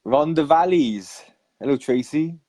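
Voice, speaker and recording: A man's voice: a little high, darkish tone. A man with a Welsh accent co-hosting a casual live video, laughing and reading out viewers' comments. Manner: unhurried, laughs often, reads out viewer comments. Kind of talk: casual live-stream chat.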